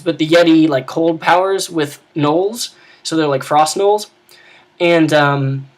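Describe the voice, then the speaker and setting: A man talking casually as a game master about running tabletop games, rambling with many restarts and asides. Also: a little high.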